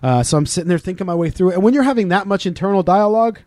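A man co-hosting a casual podcast, telling stories with lots of swearing and loud acted-out quotes. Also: sits high, very fast, no echo, studio quality. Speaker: podcast co-host. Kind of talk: casual profane chat.

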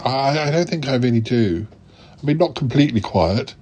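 A man's voice: medium pitch, expressive, normal speed, darkish tone, husky. A man hosting a comic podcast sketch, talking in an exasperated, indignant way. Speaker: podcast host.

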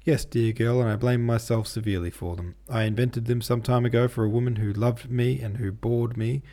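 A man's voice: mid-range voice, fairly even intonation, fairly quick, warm tone, lightly acted. A man reading the lines of a proud, brooding young man in love, in an intense, self-reproaching way. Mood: impassioned.

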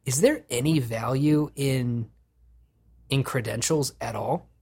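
A man hosting a podcast, chatting casually and profanely, animated and laughing often. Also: medium pitch, slow, breathy edge. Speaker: podcast host.

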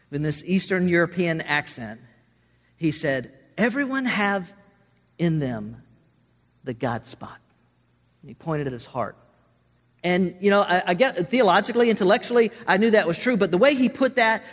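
A man's voice: sits high, in a large hall. A man preaching a sermon to a congregation, emphatic, often repeating words as he restarts a phrase. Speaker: pastor.

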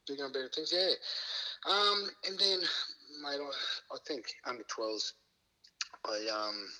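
Middle-aged Aussie ex-footballer as a guest, very bright and forceful, laughing, playing out every quote. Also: male voice, sing-song, a little slow, rough recording. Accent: Australian. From Queensland, Australia. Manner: laughs often, acts out quoted lines with rising pitch. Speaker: guest, former rugby league player. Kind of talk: casual storytelling.

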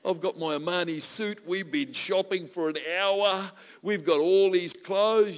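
A male pastor, telling a joking story in a sermon that builds to loud preaching. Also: high voice, normal speed. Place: church hall. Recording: long reverb of a large hall.

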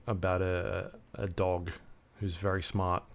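A man hosting a casual podcast in a relaxed, easygoing way. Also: low voice, slow, vocal fry. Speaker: podcast host.

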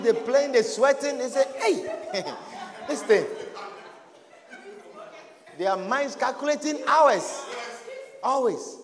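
A man preaching a lively sermon as pastor, laughing and shouting as he acts out people's words. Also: very high-pitched. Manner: animated, often laughing and shouting, acts out quoted voices. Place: church hall. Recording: echoey hall with crowd. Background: congregation.

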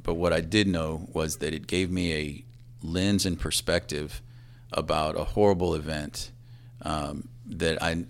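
A man in his fifties, a police assistant chief, telling a personal story in a halting, reflective way that often trails off quietly. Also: very deep voice.

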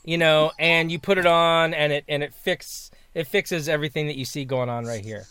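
Smooth, animated man joking deadpan. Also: fairly high pitch, normal speed, dry recording. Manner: rambling, self-interrupting, playful deadpan jokes. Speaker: guest co-host. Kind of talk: casual chat.

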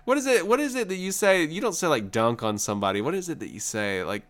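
A man co-hosting a podcast in casual chat, excitable and jokey, laughing a lot. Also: on the high side, quick pace. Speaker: podcast co-host.

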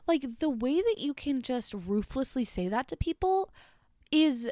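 A woman's voice: high voice, big pitch swings, unhurried, dark tone, no echo. Blunt, sweary woman with a dry voice. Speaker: vlogger. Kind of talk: casual reaction commentary reading messages aloud.

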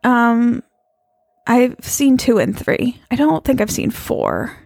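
Woman co-host, kinda high voice with lots of fry, chatty and laughy, dry close sound. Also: wildly swooping pitch, takes it slowly, darkish tone, no echo. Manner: chatty, laughs often, many fillers. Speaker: podcast co-host. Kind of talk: casual chat.

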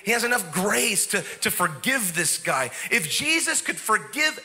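Bright-voiced emphatic male preacher. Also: high voice, sing-song, unhurried. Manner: emphatic, rhetorical questions, repeats words. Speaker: pastor. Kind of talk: sermon.

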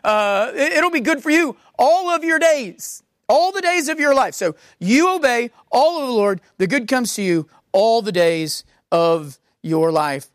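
A woman delivers a sermon in a somewhat high voice. She stresses and repeats key words and slows right down when reading scripture. The sound is dry and close, with no room echo. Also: expressive. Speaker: preacher.

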